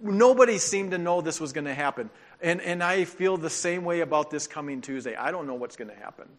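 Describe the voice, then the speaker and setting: A man preaching a sermon as pastor, telling stories with animation and dropping into soft, earnest tones. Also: fairly high pitch, animated, a little fast.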